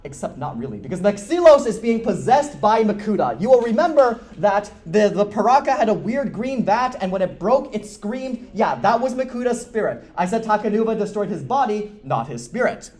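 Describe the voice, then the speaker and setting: High-voiced, excitable lore-explaining man. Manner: fast, enthusiastic, self-deprecating jokes. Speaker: convention panelist. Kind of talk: energetic lore explainer talk. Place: convention panel room.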